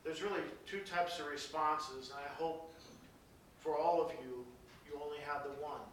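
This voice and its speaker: A pastor preaching a sermon, reading scripture dramatically and dropping into soft, hushed passages. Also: male voice, on the high side, steady tone, moderate pace, a little hiss or hum. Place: large church. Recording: very echoey church from a distance.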